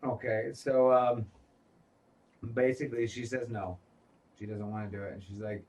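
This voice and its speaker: Casual podcast co-host, male, mid-pitched, heavy cursing, recaps scenes, a bit off-mic. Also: level tone, moderate pace, pauses often, a little mellow, distant mic, poor audio. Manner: profane, retells scenes quoting characters.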